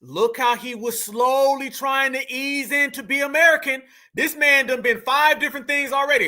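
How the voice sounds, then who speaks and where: A man's voice: extremely high pitch, fairly even intonation, moderate pace, few pauses, pushed and bright. A man hosting a reaction commentary, mocking the people in the clips and calling his viewers fam. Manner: mocking, calls viewers fam, mimics others. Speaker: commentary channel host.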